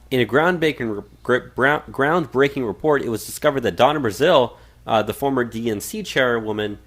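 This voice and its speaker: A man co-hosting a casual political podcast. He reads quoted passages aloud and talks loosely, with frequent fillers and false starts. His voice sits at a middling pitch. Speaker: podcast co-host. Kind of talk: casual political talk radio.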